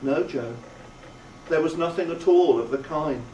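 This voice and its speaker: A man voicing an ashamed young boy who talks quietly and hesitantly. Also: on the high side, a little slow, a little hiss or hum, close to an everyday voice. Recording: roomy, distant, faint ambience.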